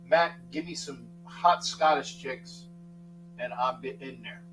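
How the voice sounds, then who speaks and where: Rambling sports-talk host, man, higher voice. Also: takes it slowly, soft background music, rough recording. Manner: rambling, thanks chatters by name, sudden loud outbursts. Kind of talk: casual live chat with viewers.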